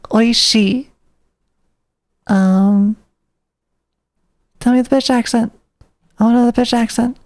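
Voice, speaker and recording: A woman's voice: on the high side, fairly even intonation, slow pace, pauses often, a little mellow. A woman streamer chatting casually, rambling and thinking aloud to herself.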